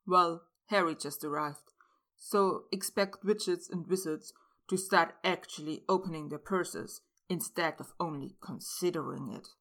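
A woman's voice: on the low side, a little slow, fairly bright tone. A woman doing a blunt, protective young man. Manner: plain-spoken, casual.

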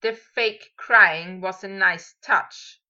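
A woman voicing a proud young male wizard who speaks in curt, sharp retorts, on a dull lo-fi recording. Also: mid-range voice, takes it slowly.

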